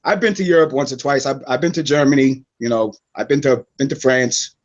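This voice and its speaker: A man's voice: medium pitch, brisk, dull audio. A man in his thirties from New York City, a guest in a casual online chat, talking in profane, rambling rants.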